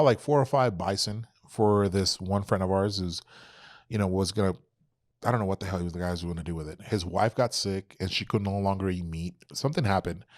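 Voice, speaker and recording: A man in his thirties telling hunting stories on a podcast, animated and profane, acting out what people said. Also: low-pitched, dry recording, clean studio sound. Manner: animated, profane, acts out quotes. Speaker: podcast guest. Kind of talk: casual storytelling.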